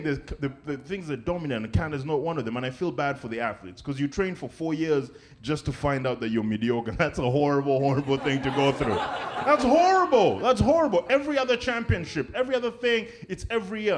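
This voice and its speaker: A man performing a stand-up comedy set, animated and conversational, often checking in with the crowd. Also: fairly high pitch. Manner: animated, conversational, keeps asking "right?" and "okay?".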